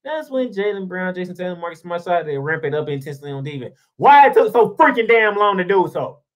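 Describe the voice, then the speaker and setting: A man runs his own basketball blog and rants about a playoff series. His pitch swings all over the place as he fires off rhetorical questions and exclamations. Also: big pitch swings, fast talker. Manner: heated, ranting, rhetorical questions. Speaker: sports blogger. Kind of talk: basketball commentary monologue.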